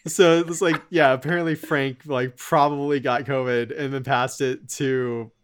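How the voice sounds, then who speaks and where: A man's voice: mid-range voice, measured pace, a little hiss or hum. Chatty man retelling a TV episode. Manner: animated retelling, acts out quotes with laughs. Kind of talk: casual chat.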